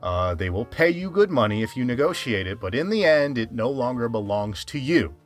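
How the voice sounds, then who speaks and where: A man's voice: medium pitch, big pitch swings, normal speed, faint music behind. A man giving a casual cartoon review as the channel's host. He rambles and restarts his sentences often, and he talks straight to his viewers. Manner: rambling, frequent restarts and fillers; chatty, addresses viewers directly. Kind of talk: casual commentary over a speedpaint.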